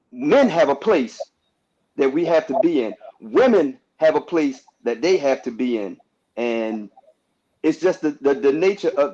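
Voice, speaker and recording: A man with a slightly high, somewhat mellow voice speaks on a casual panel discussion. He keeps asking "you know what I mean" and restarts his phrases. The recording sounds dull and lo-fi.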